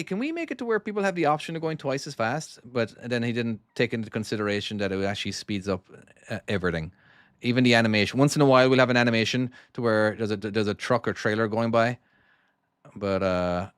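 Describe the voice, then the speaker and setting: A man's voice: mid-range voice, fairly bright tone, smooth, no room sound, clean studio sound. Chatty man, faded irish accent. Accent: Irish, softened by years in the US. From Ireland. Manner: rambling and chatty, talking to chat while driving. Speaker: game developer and streamer. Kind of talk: casual live-stream commentary while playing.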